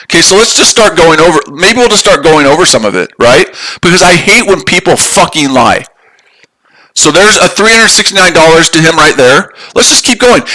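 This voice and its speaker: A man's voice: high-pitched, pushed and bright, rough recording. Angry, profane man ranting on a live stream. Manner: profane, repetitive, heated. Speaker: livestream trading host.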